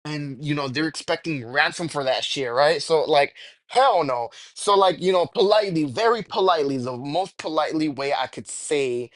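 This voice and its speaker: A man's voice: a little high, normal speed, no echo. A young man telling a rambling, profane storytime with jokey exaggerations. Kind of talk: casual storytime rant.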